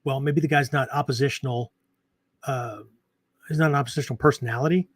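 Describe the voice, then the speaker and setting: Rambling middle-pitched man, dry sound. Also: steady tone, quick pace, dry recording. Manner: rambling, many fillers and restarts, frequent "right?". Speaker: podcast host and martial arts teacher. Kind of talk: casual unscripted talk.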